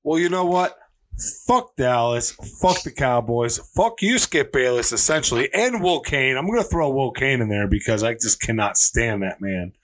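A man's voice: medium pitch, lively intonation, normal speed. A man hosting a casual sports podcast, ranting heatedly and swearing freely. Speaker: podcast host.

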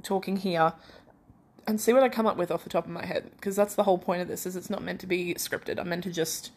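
A woman's voice: lowish voice, fairly even intonation, fast talker, husky. A young Australian woman hosting her own podcast in casual solo chat, feverish, rambling and self-deprecating with many restarts. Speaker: podcast host.

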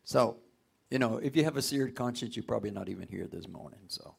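A man preaching a sermon, often rising into loud outbursts. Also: medium pitch, brisk, gravelly, husky. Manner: folksy, call-and-response preaching with sudden loud outbursts.

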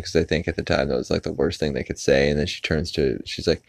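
Brief: deep-voiced male podcast host, rambling casual recap, dry recording. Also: moderate pace, gravelly, dry recording. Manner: rambling with many filler "uh"s.

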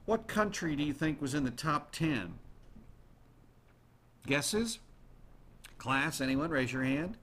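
A man hosting a show, chatting casually to his listeners in an animated way and throwing questions at the audience. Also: fairly high pitch, slow pace, long pauses. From United States. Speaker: radio show host.

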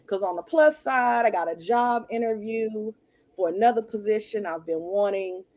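A woman's voice: medium pitch, normal speed, a little mellow. A woman in casual podcast chat, blunt and humorous as she tells her stories.

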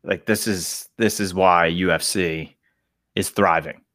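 A man co-hosting a podcast, chatting casually about sports in excitable, rambling retellings. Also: deep voice, takes it slowly, dry recording, studio quality. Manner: excitable, rambling retellings with short agreeing replies. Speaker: podcast co-host.

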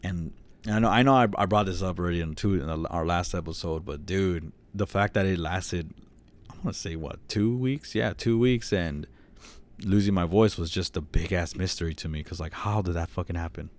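Laid-back low-voiced guy telling a story. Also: moderate pace. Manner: loose storytelling, swears a lot, acts out quotes. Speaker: podcast co-host. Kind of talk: casual chat.

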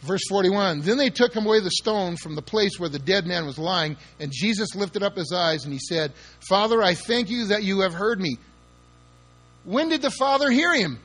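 Guy preaching a sermon, fairly high voice, really emphatic and dramatic. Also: fairly bright tone. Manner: emphatic, dramatic, spells words out and acts out quotes.

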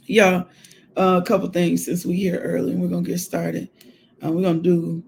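A woman hosts a live devotional. She is emotional and exclamatory, breaking into spoken prayer and shouts of praise. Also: fairly low pitch, flat delivery, moderate pace, gravelly, slight background noise. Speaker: devotional host.

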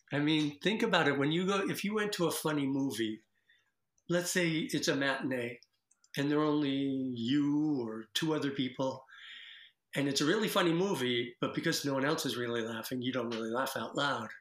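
A man talking casually about laughter practice as a guest, playful and quick to demonstrate laughs. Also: on the high side, fairly bright tone, roomy sound. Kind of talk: casual interview chat.

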